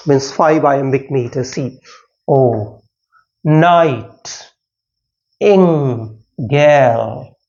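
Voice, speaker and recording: A man teaching a line-by-line poetry lesson in a slow, halting way, repeating himself and correcting his slips, and drawing out syllables as he sounds out words. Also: on the high side, a little mellow. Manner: slow, halting delivery with many repetitions and self-corrections. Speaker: English literature teacher. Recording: dull lo-fi recording.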